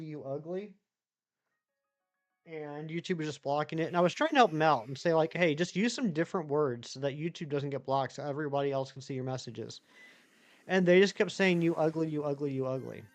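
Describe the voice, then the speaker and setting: A man chatting on a live stream. His voice sits a bit high and sounds smooth and clear. He rambles and answers viewers one by one. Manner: rambling, chatty, reads chat aloud and answers it. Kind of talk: casual live-stream chat.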